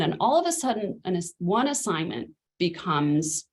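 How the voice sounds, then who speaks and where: Een vrouw die als ouderschapscoach een les geeft, in een gemoedelijke spreekstijl, en die zinnen van ouders en kinderen naspeelt. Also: female voice, on the low side, very animated, moderate pace, hardly any pauses. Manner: conversational, acts out parent and child quotes. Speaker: parenting coach. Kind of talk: spoken masterclass lesson.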